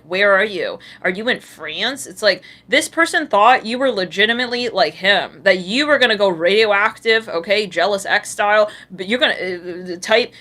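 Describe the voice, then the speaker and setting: A woman's voice: on the high side, pushed and bright. A woman giving a live tarot reading to her viewers, chatty, sassy and blunt, full of slang and swearing, often breaking into laughter. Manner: laughs a lot. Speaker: tarot reader.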